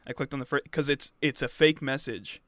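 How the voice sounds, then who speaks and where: A man's voice: medium pitch, fairly quick, a bit bright, dry recording. Man, young adult, easygoing casual chat, dry close recording. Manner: easygoing, trailing off into fillers. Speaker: podcast co-host.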